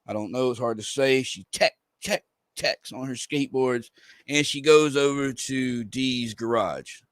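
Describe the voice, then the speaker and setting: A man's voice: mid-range voice, unhurried, fairly bright tone, no echo. A man hosting a livestream, reading a comic aloud and rambling through casual commentary for viewers. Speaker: livestream host.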